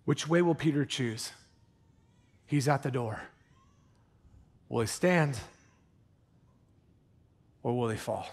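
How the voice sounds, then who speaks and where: A man preaching a sermon from the pulpit, animated and earnest, dropping into hushed intensity for emphasis and tossing in casual jokey asides. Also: medium pitch, slow, pauses often. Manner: jokey asides with put-on accents. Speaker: pastor. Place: church sanctuary.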